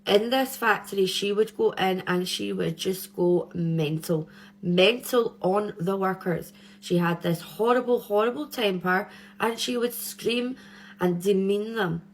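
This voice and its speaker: A woman's voice: medium pitch, unhurried. A young woman hosting a true crime channel, telling the story in a chatty, rambling way with nervous giggles. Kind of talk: casual true crime chat.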